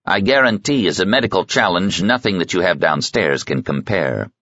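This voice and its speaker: Slick confident investigator guy, narrator voicing him, husky, lively delivery. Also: low-pitched, moderate pace, dry recording, full character voice. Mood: persuasive. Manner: smooth, persuasive. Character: confident male covert investigator, smooth talker. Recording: slightly muffled sound.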